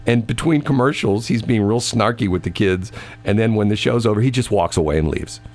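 A man hosts a morning radio show from the studio, telling stories in casual on-air chat. He rambles, stammers, and repeats words. His voice is fairly low and a little mellow, and he talks fairly quickly.

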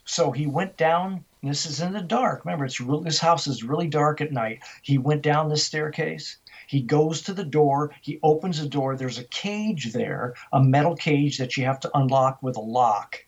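A man's voice: fairly high pitch, moderate pace, breathy edge, muffled recording. An older man, a guest on an interview show, telling vivid stories and acting out the dialogue. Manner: vivid storyteller who acts out dialogue. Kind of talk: storytelling interview.

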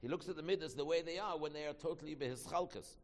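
A man teaching a Torah class, talking quickly, repeating himself and restarting phrases. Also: a little high, big-room sound. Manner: quick, repetitive, with many restarts.

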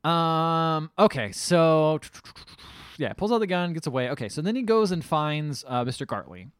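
Lively, slightly high-voiced man recapping a film. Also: normal speed, clean tone, dry recording, studio quality. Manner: animated storyteller, swears freely, acts out quoted lines. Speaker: podcast co-host. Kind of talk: casual chat recapping a film.

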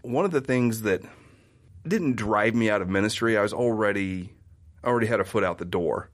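Speaking fairly quickly in a lowish voice, this guest from the American Midwest tells stories with lots of animation during a casual chat. He performs the quoted voices as he goes.

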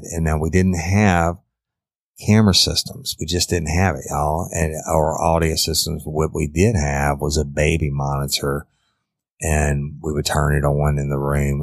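A man's voice: rumbling low, no echo. A man, a former detective telling a story bluntly, with a lot of profanity. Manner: blunt and profane, matter-of-fact. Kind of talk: storytelling in an interview.

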